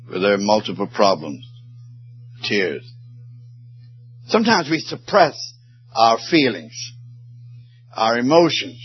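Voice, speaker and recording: A man's voice: mid-range voice, husky. A man preaching a sermon, his voice swelling and falling with emotion. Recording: muffled sermon recording.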